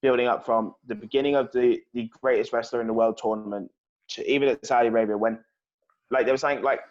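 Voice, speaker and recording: A man's voice: mid-range voice, fairly even intonation, quick pace. A man co-hosting a casual chat show, venting his irritation with blunt swearing. His voice sits in a middle register and comes through a slightly dull, lo-fi recording. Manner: ranting, profane, exasperated. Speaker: podcast co-host.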